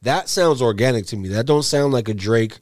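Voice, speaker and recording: A man co-hosting a podcast in loose banter. He gets excitable, throws in jokes and plenty of swearing. His voice sits at a middle pitch, captured on a close mic in a bone-dry room. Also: brisk, no room sound. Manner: excitable, profane, jokey banter. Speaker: podcast co-host. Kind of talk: casual chat.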